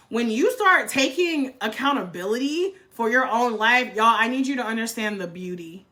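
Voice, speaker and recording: A woman's voice: high voice, lively intonation, normal speed, sharp tone. A woman, giving a blunt, fired-up motivational livestream talk and swearing freely. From North Carolina, US. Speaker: livestream host.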